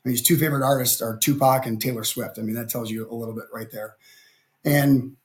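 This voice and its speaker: A man's voice: medium pitch, steady tone, fast. A middle-aged man from Ohio, a podcast guest telling a story animatedly with stammering restarts. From Ohio, USA. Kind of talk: conversational interview.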